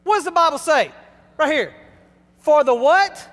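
A male pastor delivering an emphatic sermon, swinging between loud and hushed. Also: very high-pitched, lively intonation, measured pace. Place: church sanctuary. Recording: long hall reverb.

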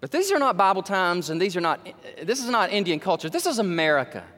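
A man preaching a sermon, telling stories that climb to excited, emphatic peaks. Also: high-pitched, fast, long reverb tail.

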